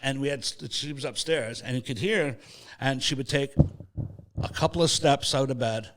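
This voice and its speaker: A man's voice: mid-range voice, normal speed. Man telling a funny family story. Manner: animated, jokey anecdote telling. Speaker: podcast host. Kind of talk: casual storytelling chat.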